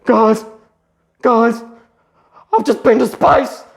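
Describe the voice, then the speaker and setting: A man voicing an ordinary stray dog that talks cheerfully, pitching his voice up high and playfully. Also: moderate pace, close to an everyday voice. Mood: excited. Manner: playful, higher and louder than his own voice.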